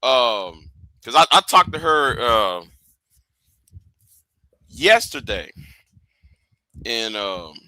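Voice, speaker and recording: Male streamer, casual commentary: bright, cutting tone, bouncy delivery, lots of restarts and repeated phrases, dry close sound. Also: mid-range voice, big pitch swings, extremely slow, long pauses, dry recording, rough recording. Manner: stop-start, repeats words and catchphrases. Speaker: livestream host.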